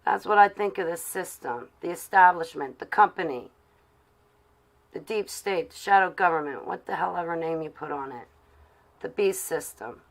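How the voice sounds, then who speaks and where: A woman's voice: on the low side, animated, moderate pace. A woman live-streaming to her chat from her car while driving, talking casually and sarcastically in a ranting way.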